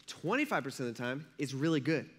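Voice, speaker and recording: A male pastor preaching a sermon in a conversational, animated way, acting out little scenes with playful voices. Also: medium pitch, fast, breathy edge. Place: church service.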